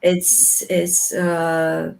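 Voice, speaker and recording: A woman from Romania, a guest in an interview, speaking English slowly and reflectively with many pauses and restarts. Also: lowish voice, monotone, vocal fry, darkish tone, poor audio. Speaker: interview guest, puppeteer and actress. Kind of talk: slow reflective conversation.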